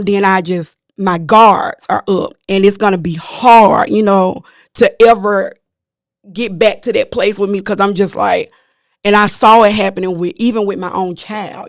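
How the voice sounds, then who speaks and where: A woman's voice: medium pitch, normal speed, no echo, clean studio sound. A woman co-hosting a podcast, talking candidly and earnestly about her own struggles in casual chat. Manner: earnest, confessional, animated when retelling. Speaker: podcast co-host.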